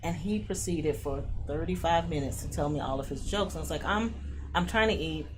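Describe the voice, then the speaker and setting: A middle-aged woman, a stand-up comedian, telling casual stories as a guest, animated and laughing often while acting out the people she quotes. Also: low-pitched, fairly quick. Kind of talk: casual storytelling. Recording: noisy background ambience.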